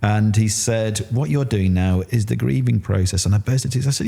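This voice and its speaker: A man's voice: normal speed, gravelly. A middle-aged man with a Yorkshire accent, telling his story candidly in an interview and acting out what others said. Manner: animated, acts out quotes with rising pitch. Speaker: interview guest.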